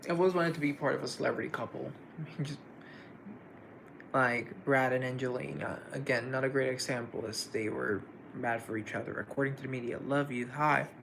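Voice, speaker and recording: A man's voice: mid-range voice, fairly quick, vocal fry, a bit bright, slight background noise, rough recording. A man hosting a live stream in a casual, chatty way, greeting viewers by name and answering their comments.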